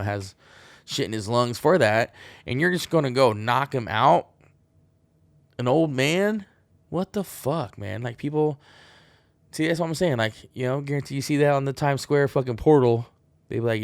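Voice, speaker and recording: A man's voice: lowish voice, creaky, dry recording. A man hosting a solo podcast, rambling and wisecracking with plenty of swearing. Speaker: podcast host.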